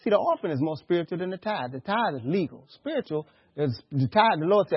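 Husky-voiced preacher, bursts high and loud. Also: male voice, fast, dull audio. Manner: animated preaching, sudden swings from hushed to loud. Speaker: pastor. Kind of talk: sermon.

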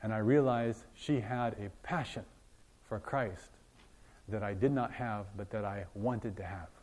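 A man preaching a sermon, telling a story with acted-out dialogue and swinging from loud, emphatic passages to hushed ones. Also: fairly low pitch, measured pace.

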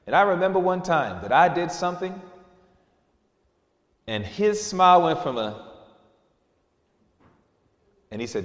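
A man preaching a sermon, lively, sometimes dropping to a low hush for emphasis. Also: unhurried, pauses often. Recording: echoey hall, mic at a distance.

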